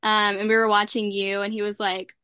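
A woman hosting a casual interview, chatty and quick to laugh. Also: medium pitch, flat delivery, pushed and bright, clean tone, no room sound, clean studio sound. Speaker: interview host.

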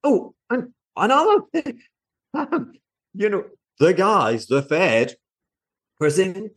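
A middle-aged male market commentator who talks with a mocking, cranky edge. His pitch sits a little high and swings widely as he jabs at what he is hearing, throwing in sarcastic asides. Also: big pitch swings, slow. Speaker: market commentator and former fund manager.

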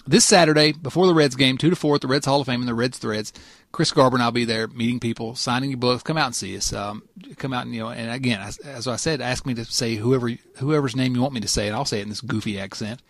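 A man's voice: medium pitch, fast talker, no echo. Man, podcast host, rambling, laughs a lot, dry close mic. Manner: rambling, self-interrupting, laughs often. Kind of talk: casual podcast chat.

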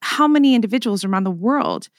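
A woman's voice: mid-range voice, animated, quick pace, dry recording, clean studio sound. A woman hosting a casual podcast interview, enthusiastic and loose, full of fillers and casual swearing. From United States. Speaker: podcast host.

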